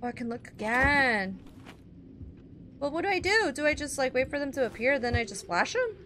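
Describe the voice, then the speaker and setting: Commenting as she plays a horror fan game, this young YouTuber talks both to herself and to her audience, jumping at scares and gasping frequently. She speaks at a moderate pace in a high, sing-song voice that is bright and forceful, and the audio carries a little hiss or hum.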